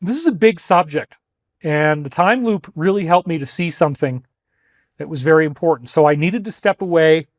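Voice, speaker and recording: A man's voice: a little high, moderate pace, dry recording, studio quality. A man hosting a livestream, crying as he speaks emphatically and repeats himself while addressing his listeners as folks. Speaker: host. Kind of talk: emotional livestream monologue.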